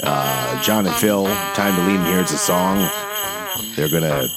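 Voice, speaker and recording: A man giving a dry, deadpan intro for a podcast episode. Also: sits low, unhurried. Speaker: show intro announcer. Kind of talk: deadpan mock-announcer intro. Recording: loud jingle-bell music under the voice.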